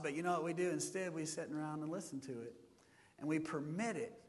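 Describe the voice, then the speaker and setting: A man preaching to a congregation. His voice sits high for a man, and he keeps the crowd joining in. The sound rings with the long reverb of a big hall. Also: fast talker. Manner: animated preaching, talks to the congregation and gets them to join in. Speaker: pastor. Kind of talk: sermon.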